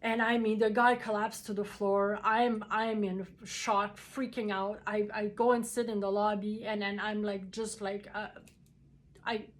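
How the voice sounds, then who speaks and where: A woman telling a personal story in a casual, halting way, with many fillers and restarts. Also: mid-range voice, flat delivery, slight background noise.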